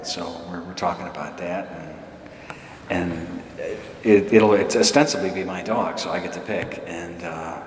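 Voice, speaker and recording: A man's voice: sits low, steady tone, measured pace. A middle-aged man, a parish priest, telling a chatty, self-deprecating story in a homily and laughing often. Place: church. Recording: echoey church hall.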